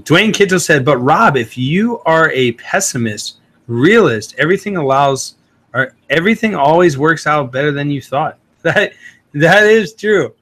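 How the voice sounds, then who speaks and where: A man's voice: medium pitch, a bit bright. A man hosting a casual livestream, reading viewer comments aloud and answering them in a loose, chatty way. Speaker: livestream host.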